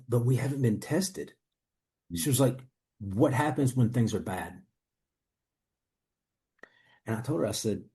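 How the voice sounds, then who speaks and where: A man's voice: medium pitch, mellow. A man in a testimonial interview, earnestly and reflectively telling his own story as a coaching client.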